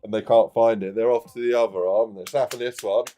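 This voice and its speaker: Guy in his 30s rambling thru a story on stream, lowish voice, bit of music quiet behind. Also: quick pace. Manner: animated, rambling, laughs often. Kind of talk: casual storytelling on a live stream.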